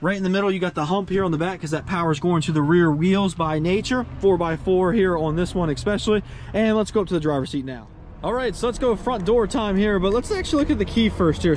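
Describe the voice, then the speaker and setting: An upbeat man with a fairly high voice walks around a vehicle outdoors, giving a chatty, folksy review. Faint outdoor noise sits under his voice. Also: darkish tone. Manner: upbeat, folksy, chatty with fillers and little laughs. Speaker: car reviewer. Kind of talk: casual walkaround car review.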